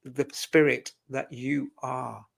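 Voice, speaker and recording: A man talking earnestly and reflectively as a guest in a casual conversation about spirituality, often pausing mid-phrase. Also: medium pitch, level tone, creaky, slightly rough.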